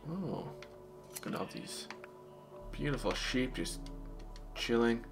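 A man's voice: medium pitch, very animated, takes it slowly, vocal fry, music in the background. A man casually commenting on his video game play, playful and chatty, talking to the animals in the game. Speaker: gamer.

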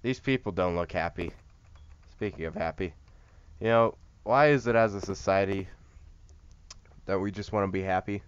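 A man's voice: deep voice, moderate pace, long pauses, clear, resonant tone, dull audio. A man giving casual, joking commentary while playing a horror game, rambling and chatting to the things on screen. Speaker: horror game let's-player.

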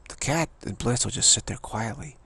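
A man's voice: mid-range voice, normal speed, gravelly, bright, forceful tone, husky. A man giving a rambling, emphatic spiritual talk as a teacher, often repeating himself.

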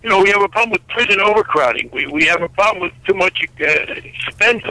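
Older guy on the phone, high voice, really bright and sharp, dry sound, blunt and wry, keeps restarting. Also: expressive, fast, no room sound, rough recording. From United States. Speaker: congressman, interview guest. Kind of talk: political interview by phone.

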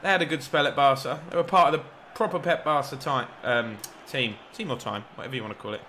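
Talking fast in a medium pitch, this young gaming YouTuber commentates live on a football video game. He's excitable and rambling, shouting at the players to encourage them and making jokes about himself; a slight hiss or hum is audible.

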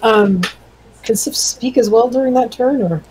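A player in a tabletop game, talking slowly and hesitantly with many ums. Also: medium pitch, a little mellow, slight background noise, poor audio.

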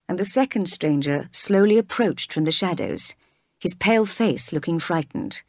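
A woman narrates a storybook read-aloud, steady and clear. Her voice sits a little low. The sound is dry and close to the mic. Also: normal speed, dry recording.

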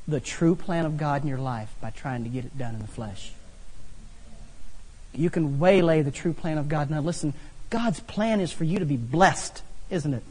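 Husky, lively preacher man in an echoing hall. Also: a little high. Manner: animated, humorous storytelling. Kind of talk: sermon with personal stories. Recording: long hall reverb.

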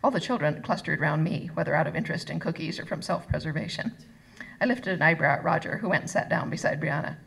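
A woman author reading her novel aloud at a live event, expressive and voicing each character. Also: low-pitched, creaky, husky, rough recording. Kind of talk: live first-person book reading. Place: arts center reading event.

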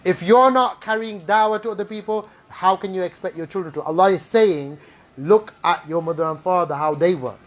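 A male preacher addresses a gathered audience. His delivery is animated and playful, and he keeps the room with rhetorical questions and quick asides. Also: sits high. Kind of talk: Islamic talk to a live audience.

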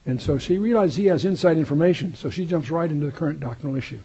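A man's voice: fairly high pitch, fast, dark tone, breathy edge, muffled recording. A man teaching a verse-by-verse Bible study in a conversational way, with wry asides and digressions.

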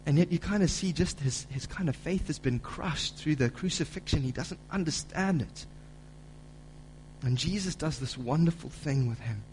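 A man preaching a sermon as pastor, building to loud, emphatic delivery when he reads scripture. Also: a little high, animated, moderate pace, slight background noise, low-quality recording. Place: church auditorium.

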